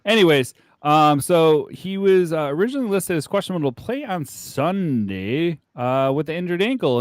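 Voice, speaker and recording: A man's voice: on the high side, sing-song, normal speed, few pauses, dry recording, clean studio sound. A man co-hosting a casual comedic podcast, joking and profane as he plays the show's injury doctor. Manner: joking, profane, switches into bits.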